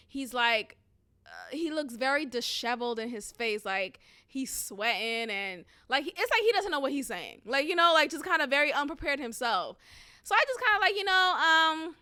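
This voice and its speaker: Her voice sitting high and her pace moderate, a woman delivers a blunt, animated story to camera in rant form. She swears freely and laughs between lines.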